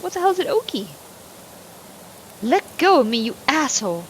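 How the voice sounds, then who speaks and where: A woman voicing a sharp-tongued young housewife who speaks low and curt in a game. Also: big pitch swings, moderate pace, slight background noise.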